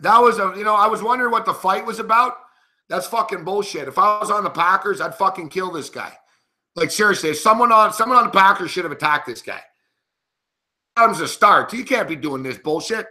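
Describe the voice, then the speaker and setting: Man, sports betting host, live commentary, angry and profane, very bright voice. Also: sits high, animated, brisk. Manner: angry, swearing, indignant.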